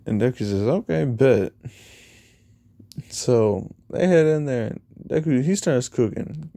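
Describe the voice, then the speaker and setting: Rambling through a fan-made story, a man retells each line of dialogue with "he's like" and "you know." His voice is mid-range, expressive, and warm with vocal fry, delivered unhurriedly with no room sound.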